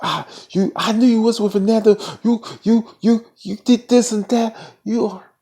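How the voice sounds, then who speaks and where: A sputtering, furious husband, put on by a man recapping a show. He stammers and repeats himself as the anger builds in every line. The voice jumps higher than his usual telling. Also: fairly even intonation, normal speed, dark tone. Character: furious man berating his cheating wife.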